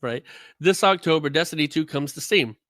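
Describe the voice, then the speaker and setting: A man's voice: a little high, fairly quick, fairly bright tone, dry recording. A man hosting a casual gaming podcast, reading news notes aloud and joking. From United States. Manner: jokey, reads notes aloud with frequent laughs.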